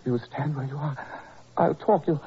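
A man's voice: a little high, fairly even intonation, normal speed, dark tone, natural voice. An actor playing a delirious, feverish male detective in 1940s radio acting, gasping and swinging from weak murmurs to sudden cries. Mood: frantic. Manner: ragged, gasping, wild swings from whisper to cries. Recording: dull old radio broadcast with faint hiss.

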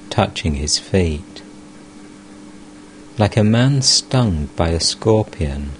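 Deep, slow male audiobook narrator. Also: slight background noise, rough recording. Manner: calm, even, unhurried reading. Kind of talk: scripted narration.

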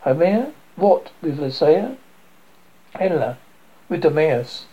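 A man's voice: fairly high pitch, big pitch swings, slow, mellow, husky, rough recording. A man reading a play aloud who names each character before the line. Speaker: reader.

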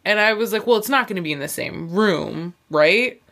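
A woman's voice: mid-range voice, normal speed. A young woman telling a personal story in casual chat, acting out the voices of her family and filling her speech with "like". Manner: animated, acts out quoted voices, lots of "like".

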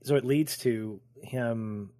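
A man's voice: mid-range voice, takes it slowly, mellow. A man co-hosting a podcast, chatting casually about a show and laughing easily. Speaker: podcast co-host. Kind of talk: casual recap chat.

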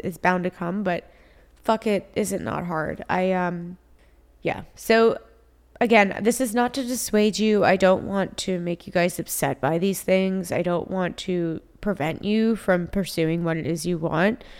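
A young adult woman hosting a solo podcast, talking candidly and emotionally and swearing freely. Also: medium pitch. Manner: blunt, heavy swearing, emotional and confiding. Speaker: podcast host.

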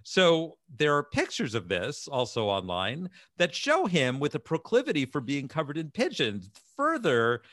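A man's voice: a little high, wildly swooping pitch, moderate pace, hardly any pauses, fairly bright tone, no room sound, clean studio sound. A man co-hosting a casual chat show, telling a story and laughing often. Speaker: podcast co-host.

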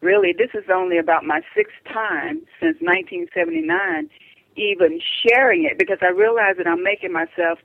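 An older woman speaks as a phone-in guest, earnest and halting, often breaking off to restart a sentence. The line sounds dull and narrow, with a flat, dry quality and no room around her. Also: on the low side, gravelly, dry recording. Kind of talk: phone-in radio interview. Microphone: telephone.

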